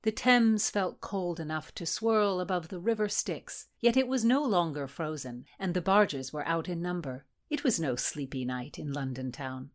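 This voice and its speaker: A woman narrating a historical novel in a measured, expressive reading voice. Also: lowish voice. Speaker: audiobook narrator.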